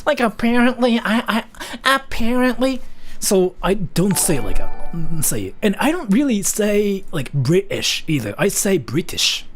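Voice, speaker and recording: A man's voice: sits high, normal speed, soft background music. A man from Japan chatting casually with his stream chat, rambling with lots of fillers. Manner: loose and rambling, many fillers, lively ups and downs. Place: VR chat room.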